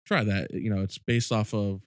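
A man co-hosting a podcast in casual chat, telling stories in animated, excited bursts. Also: on the low side, normal speed, dry recording, clean studio sound. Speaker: podcast co-host.

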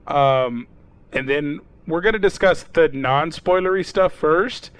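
A man's voice: fairly high pitch, unhurried, fairly bright tone, clear, resonant tone, no room sound. A man co-hosting a casual podcast, chatting loosely with friends, swearing often and laughing. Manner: profane, laughing, playful. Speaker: podcast co-host. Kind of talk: casual chat.

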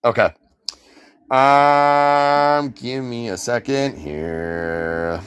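Man, podcast co-host, casual chat, swears a lot, mid-pitched voice. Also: extremely slow, a bit bright, a little hiss or hum. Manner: swears a lot, thinks aloud.

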